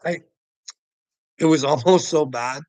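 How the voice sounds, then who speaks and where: A man's voice: fairly high pitch, a little slow, darkish tone, no room sound, poor audio. A man hosting a casual livestream, ranting profanely and rambling, laughing often as he talks. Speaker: livestream host.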